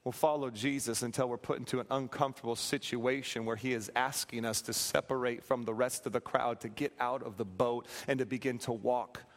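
A man preaching a sermon, telling a story with animated, acted-out quotes and humor. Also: medium pitch, fairly quick, few pauses. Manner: animated, acts out quotes, plays for laughs. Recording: reverberant hall.

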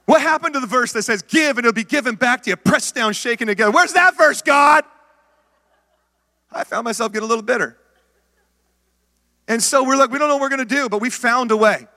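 A middle-aged man preaching a sermon, telling his own story with lively acted-out lines and calling out to the congregation. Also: very high voice, fast talker. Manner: animated storytelling, acts out his own past words; calls out to the congregation. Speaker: pastor. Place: church sanctuary. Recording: long hall reverb.

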